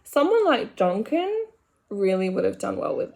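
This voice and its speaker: Young aussie woman, rambling casual makeup chat, frank and full of "like", mid-pitched. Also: big pitch swings, moderate pace, gravelly, a little mellow. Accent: Australian. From Australian countryside. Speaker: makeup vlogger. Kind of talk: casual chatty commentary. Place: home.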